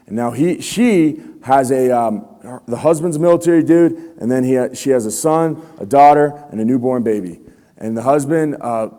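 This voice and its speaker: Slangy motivational speaker in a reverberant hall. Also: male voice, fairly low pitch, dark tone. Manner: casual slangy, quizzes the audience. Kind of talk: motivational talk to students. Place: school room with students.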